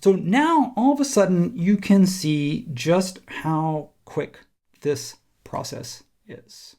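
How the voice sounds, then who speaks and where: A man teaching a software design tutorial, thinking aloud casually as he works on screen. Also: high-pitched, takes it slowly. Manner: relaxed, thinking aloud while working. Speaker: instructor.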